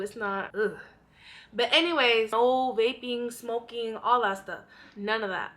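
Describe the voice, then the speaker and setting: A woman's voice: fairly high pitch, a bit bright. A young woman vlogger giving blunt, profane advice in a casual monologue, often out of breath.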